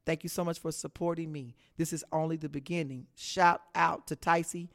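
A woman's voice: low-pitched, steady tone, normal speed. A woman from Texas with a Texan accent, hosting a solo radio talk show as an upbeat pep talk, saying "y'all" and "baby".

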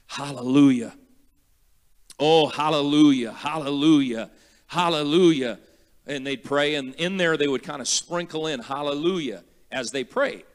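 A man preaching as a guest pastor, emphatic and repetitive, slowing down to spell out words and building to loud praise. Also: on the high side. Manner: repeats words slowly for teaching. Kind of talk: sermon.

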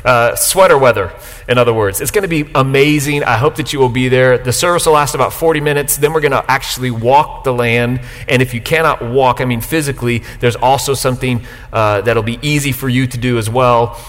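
Lively pastor in a reverberant church hall. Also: male voice, mid-range voice, a little fast. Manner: lively, joking, swings from loud to soft. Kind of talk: sermon. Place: church sanctuary, live congregation.

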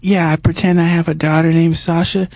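Comedic male guest, high voice, rambling and sheepish, dry close sound. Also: level tone, fairly quick, vocal fry, darkish tone, dry recording. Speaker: comedic guest telling a story.

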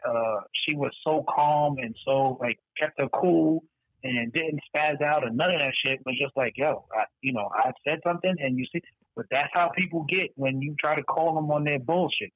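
Animated, profane man on a podcast. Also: on the high side, moderate pace, no room sound, narrow, tinny audio. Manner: animated, profane, acts out quoted people in raised voices. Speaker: podcast co-host. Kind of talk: casual chat.

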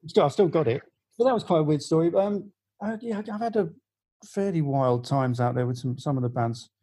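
A man's voice: on the high side, expressive, fairly quick, warm tone, husky, low-quality recording. A middle-aged man, a music journalist, telling a long anecdote in casual podcast chat, full of fillers and restarts. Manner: rambling storyteller with many fillers and restarts.

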